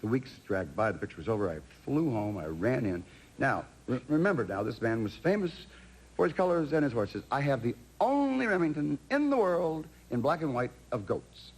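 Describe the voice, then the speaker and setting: Halting, rambling middle-aged man. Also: medium pitch, sing-song. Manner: rambling, halting storyteller with many restarts. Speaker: talk show guest. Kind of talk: casual anecdote telling. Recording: TV studio with audience noise.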